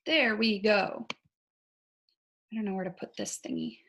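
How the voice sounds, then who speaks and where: A woman's voice: medium pitch, measured pace, creaky, fairly bright tone. A woman coaching her fitness team on a casual video call. She is chatty, often says "like" and checks in with "right?". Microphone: video call mic.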